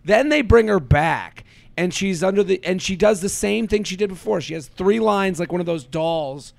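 A man in his thirties co-hosting a casual chat, rambling and animated, full of "like". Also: sits high, moderate pace, gravelly, dry recording. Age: 30s. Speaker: podcast co-host.

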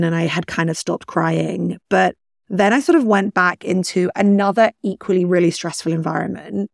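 A woman's voice: on the low side, moderate pace, vocal fry, no room sound, studio quality. A young woman hosting a podcast, frankly and emotionally sharing a personal story with casual swearing. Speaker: podcast host. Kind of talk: candid personal monologue.

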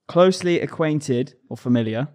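A man's voice: fairly high pitch, warm tone. A man in a podcast chat, explaining things in a laid-back way. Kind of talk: casual chat.

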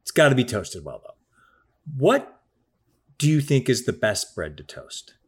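A man's voice: mid-range voice, sing-song, a little slow. A man talking in a casual, emphatic chat, swearing now and then.

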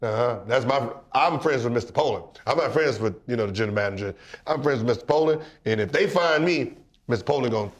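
A middle-aged man co-hosting a casual chat, animated and laughing, often mimicking other people's voices. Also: medium pitch, moderate pace.

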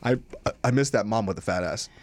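A man's voice: on the low side, a little fast, no echo. A man telling a comic story on a podcast, laughing often and swearing freely. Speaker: podcast co-host. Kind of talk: casual comedic storytelling.

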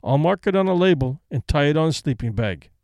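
This is a reserved middle-aged companion in a storybook reading, quiet and restrained, as a man reads her. She speaks plainly and dutifully in a slightly high voice. The recording is dry and close. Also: expressive, a little fast, no echo.

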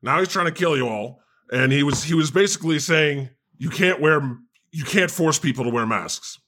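A man hosting a comedy podcast, excitable, laughing often and swearing. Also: a little high, normal speed. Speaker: podcast host.

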